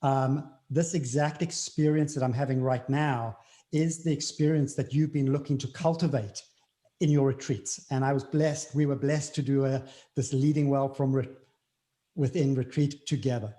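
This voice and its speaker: A man with a South African accent gives reflective interview talk, speaking earnestly and repeating key phrases for emphasis. His voice is mid-range with a dark tone.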